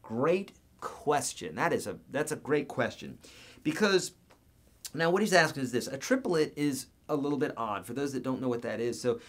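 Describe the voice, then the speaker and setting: A man's voice: mid-range voice, animated, normal speed. A man hosting a live guitar Q&A, chatting casually, reading viewer comments aloud and counting out beats and picking patterns.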